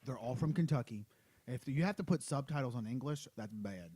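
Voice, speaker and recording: A man's voice: medium pitch, lively intonation, a little fast, dark tone, husky, no room sound. A young man co-hosting a casual podcast, chatty and full of fillers as he explains. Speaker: podcast co-host.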